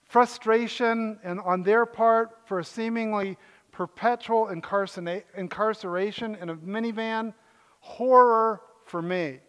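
High-voiced older man preaching in a hall. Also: measured pace, a bit bright, clear, resonant tone. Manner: joking, conversational preaching with asides. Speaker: pastor. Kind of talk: sermon. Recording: echoey hall reverb.

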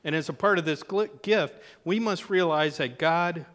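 A man's voice: on the high side, moderate pace, a bit bright, big-room sound. A man preaching a sermon as pastor in a church, talking in a conversational way with joking asides.

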